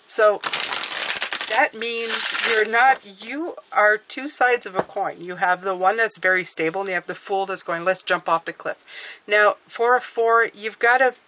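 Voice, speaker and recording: A woman's voice: mid-range voice, fairly bright tone, slight background noise. A woman giving a casual, encouraging tarot and numerology reading, chatting and thinking aloud as she draws cards.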